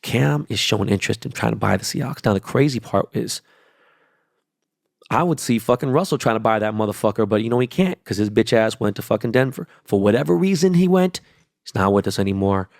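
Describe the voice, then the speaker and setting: Podcast host, male, low voice, dry close sound, profane emphatic rambling solo talk. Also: fairly quick, vocal fry, no echo. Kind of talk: casual solo podcast monologue.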